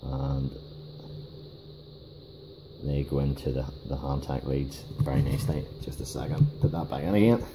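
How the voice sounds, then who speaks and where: A man giving a casual hands-on workshop demonstration, talking in a halting way with many fillers and restarts. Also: rumbling low, fairly even intonation, background noise. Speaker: DIY car repair video host.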